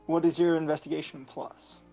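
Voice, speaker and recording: A man with a gravelly, somewhat high voice plays in a tabletop game, hesitating and filling his pauses. Faint music plays behind him. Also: flat delivery, dark tone, poor audio. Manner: hesitant, uses many fillers. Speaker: player. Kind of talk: casual tabletop play.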